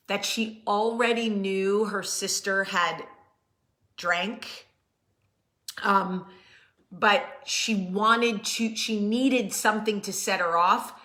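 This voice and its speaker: A mother recounting a family moment in a casual, earnest storytelling voice. Her tone is bright and clear, and she goes soft and soothing when she reassures. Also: mid-range voice.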